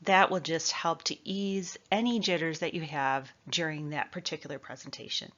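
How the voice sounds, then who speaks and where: A woman from the Midwest teaches presentation skills in a clear, measured coaching voice. Her voice sits a little low for a woman. The recording is somewhat dull and lo-fi. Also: a bit bright. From American Midwest. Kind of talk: instructional talk.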